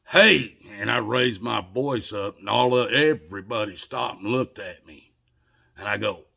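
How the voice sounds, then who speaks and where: A man's voice: medium pitch, creaky, a bit bright. A man telling a personal story in a rambling, conversational way, with many restarts. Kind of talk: casual storytelling to camera.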